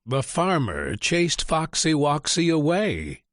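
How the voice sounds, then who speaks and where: Slow, expressive male storybook narrator. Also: a little high, dry recording, studio quality. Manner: expressive, deliberate. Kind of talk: storybook read-aloud narration.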